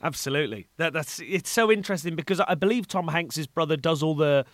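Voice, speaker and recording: Male podcast host, fairly high voice, eager and quick to laugh. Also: animated, no room sound, clean studio sound. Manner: eager, laughs easily, quick agreeing replies. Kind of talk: casual interview chat.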